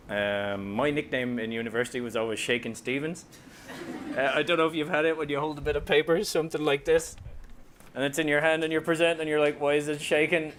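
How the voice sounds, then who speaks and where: An Irish man with a slightly high voice gives a comic talk as an author, telling self-deprecating stories to an audience and joking throughout. The sound is a bit bright, with slight background noise.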